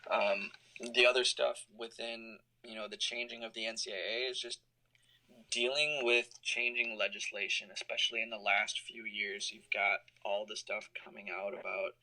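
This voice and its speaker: A man's voice: lowish voice, level tone, moderate pace, sharp tone, poor audio. A man in his thirties, an alumnus answering interview questions on a call, explaining things thoughtfully with many fillers. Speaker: college compliance officer, alumni guest. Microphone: call recording.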